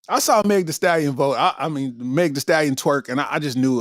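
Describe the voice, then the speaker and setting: A male comedian hosting a podcast, riffing in an animated, slangy monologue and laughing often. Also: fairly high pitch, normal speed, no room sound, studio quality.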